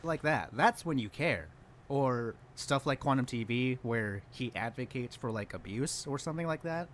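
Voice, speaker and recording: A man's voice: medium pitch, lively intonation, moderate pace, slight background noise. A man co-hosting a casual reaction podcast, teasing and calling people out. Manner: teasing, loud when calling out.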